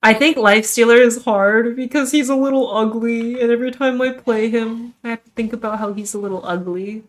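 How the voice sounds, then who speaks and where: A woman's voice: on the high side, a little fast, few pauses. A young adult woman streamer chatting casually in a rambling, self-deprecating way.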